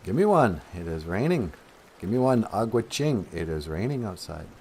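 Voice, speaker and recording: A man's voice: lowish voice, big pitch swings, normal speed, dark tone, slightly rough. A man co-hosting a comedic talk show, laid-back and offhand. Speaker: co-host.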